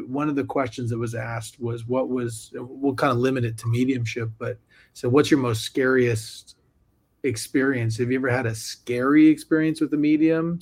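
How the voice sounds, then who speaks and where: A man's voice: mid-range voice, a little mellow. A man in a mid-range voice hosts an interview podcast. He asks questions in a loose, casual way and keeps the talk going with short interjections. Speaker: podcast host.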